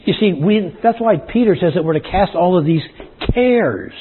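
Man, pastor, sermon, folksy, husky, dry throat, tinny phone-like sound. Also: high-pitched, lively intonation, moderate pace. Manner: folksy preaching, addresses congregation as y'all. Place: church service.

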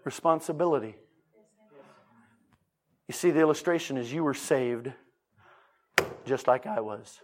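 A man's voice: medium pitch, measured pace, pauses often, a little mellow. A man preaching a sermon as pastor, emphatic and repeating his key phrases.

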